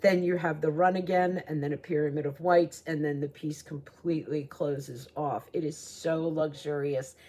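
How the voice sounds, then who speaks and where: A woman's voice: sits low, steady tone, normal speed, few pauses, mellow, husky. A woman hosting her own jewelry show, talking in a chatty, gushing way with many fillers. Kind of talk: casual jewelry showcase talk.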